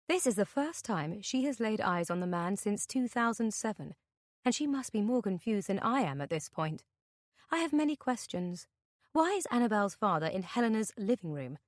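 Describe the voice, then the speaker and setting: A woman reading a thriller audiobook in the first person, with a tense, measured delivery. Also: mid-range voice, no room sound, clean studio sound. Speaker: audiobook narrator. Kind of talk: scripted narration.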